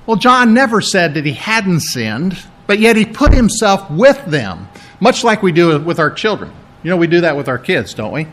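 A man's voice: sits high, big pitch swings, normal speed, a bit bright. A middle-aged man, a pastor preaching a sermon in a conversational, explaining manner, often repeating his words.

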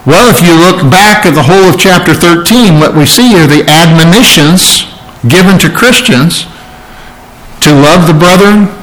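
A man's voice: high voice, normal speed, fairly bright tone, poor audio. A male pastor preaching a sermon, explaining scripture verse by verse with emphatic points and questions to the congregation.

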